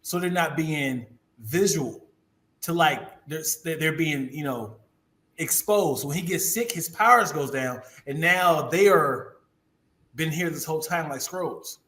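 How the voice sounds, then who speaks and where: Brief: male co-host, slightly high voice, halting but excitable. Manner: halting, searching for words, excitable. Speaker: podcast co-host. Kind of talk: casual chat.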